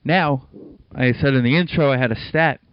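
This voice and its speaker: A man's voice: mid-range voice, moderate pace, clear, resonant tone, dry recording, dull audio. Male podcast co-host, chatty sports talk, clean resonant voice, dry close sound. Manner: chatty, laughs often, plugs and segues like a radio host. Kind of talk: casual sports chat.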